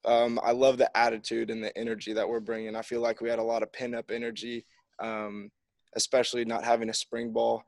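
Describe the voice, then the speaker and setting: Young man, college kicker, upbeat, easygoing, even-toned. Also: medium pitch, brisk, vocal fry, dry recording. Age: young adult. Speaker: college football place kicker. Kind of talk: press conference answers.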